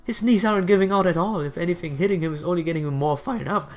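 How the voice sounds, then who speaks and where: A man voicing a brash, hot-headed young female knight in a higher, louder voice. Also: quick pace, faint music behind, close to an everyday voice. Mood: uneasy. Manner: loud, brash.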